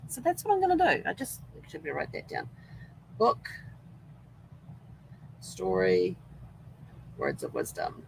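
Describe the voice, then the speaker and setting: Speaking from an RV on a casual live stream, this New Zealand vlog host rambles cheerfully in a Kiwi accent, acting out her own past words. Her fairly low voice swoops wildly in pitch, with vocal fry, a slightly slow pace and long pauses. The poor audio carries a little hiss or hum.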